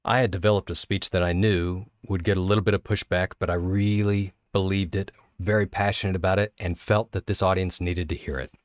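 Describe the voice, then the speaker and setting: A man teaching public speaking through a personal story, earnest and candid, often halting and restarting mid-sentence. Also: low voice, little pitch movement, no echo, clean studio sound.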